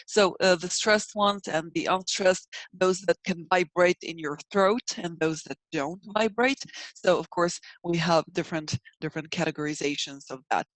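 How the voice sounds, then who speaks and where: A woman's voice: fairly low pitch, no room sound, poor audio. A woman with a slight North American accent giving a pronunciation lecture in a webinar, chatty and full of fillers like "you know", sounding out example phrases. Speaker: language teacher.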